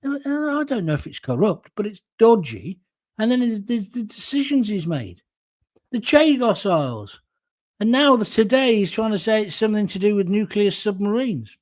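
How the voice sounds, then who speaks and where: A man's voice: high voice, darkish tone. Blunt ranting older English man. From England. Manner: blunt, ranting, sarcastic asides. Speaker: host. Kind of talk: opinionated political talk show monologue.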